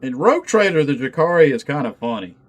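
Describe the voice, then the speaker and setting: A man's voice: on the high side, sing-song, quick pace. A man casually chatting while he assembles miniatures. He is laid-back and profane and laughs often. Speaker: channel host.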